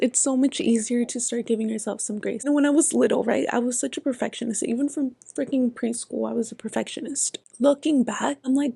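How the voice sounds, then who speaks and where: Earnest, gravelly young woman podcaster. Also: fairly high pitch, a little fast, dark tone, no room sound. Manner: earnest and frank, swearing freely, drops into whispers for emphasis. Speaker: podcast host. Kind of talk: casual self-help podcast monologue.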